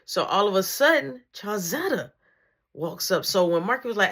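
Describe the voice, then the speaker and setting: A young man casually retelling a story with animated, slangy delivery. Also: high-pitched, brisk.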